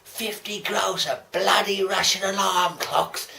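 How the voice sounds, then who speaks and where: A man's voice: sits high, steady tone, takes it slowly, vocal fry, bright, forceful tone, pitched above the performer's own voice, heavily acted. A man voicing a sneering middle-aged male Australian club boss with an Australian accent, mocking and ranting in a strained, raised voice. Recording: roomy echo.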